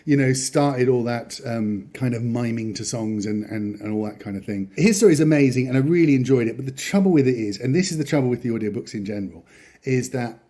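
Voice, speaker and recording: A man's voice: medium pitch, fairly quick, warm tone. A man hosting a podcast in casual chat, rambling and chatty, often chuckling as he talks. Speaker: podcast host.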